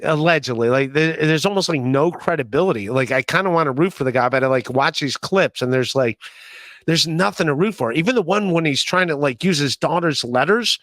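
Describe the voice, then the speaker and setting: A man's voice: a little high, fairly quick, a bit bright, no echo, clean studio sound. A man hosting a podcast, talking casually in a rambling way, with many fillers and restarts. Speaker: podcast host. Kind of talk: casual chat.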